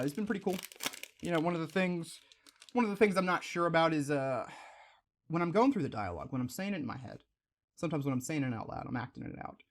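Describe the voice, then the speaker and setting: A man's voice: on the high side, slight background noise. A young man hosting a card-opening video, rambling in casual asides and exclaiming over shiny pulls. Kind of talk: casual pack-opening chat.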